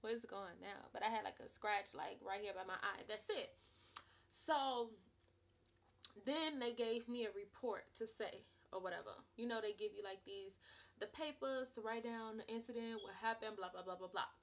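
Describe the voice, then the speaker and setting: A woman in her twenties telling a casual storytime vlog, animated and emphatic, with lots of repeated fillers. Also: medium pitch, moderate pace. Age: 20s. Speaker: vlogger.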